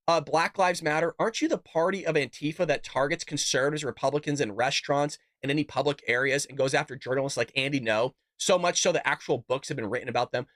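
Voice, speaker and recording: In a clean studio recording with no room sound, a man with a slightly high, fairly bright voice hosts a political commentary show. Combative and emphatic, he addresses his viewers directly and reads out quotes and tweets.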